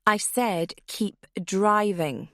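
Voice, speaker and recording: Lady narrator doing a young knife killer girl, low and taunting, gravelly edge, dry sound. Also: unhurried, dry recording. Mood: menacing. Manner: quiet, taunting menace. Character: young woman knife killer, mocking and cold.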